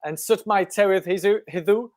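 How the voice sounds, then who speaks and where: English guy hosting a podcast, chatty and upbeat, slightly high voice, dry close sound. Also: normal speed, no room sound. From England. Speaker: podcast host. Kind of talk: casual podcast interview.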